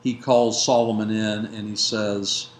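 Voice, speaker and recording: A man giving a lecture that retells a biblical narrative. He speaks in a measured way, with frequent fillers and self-corrections. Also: lowish voice, level tone. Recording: roomy echo with faint background noise.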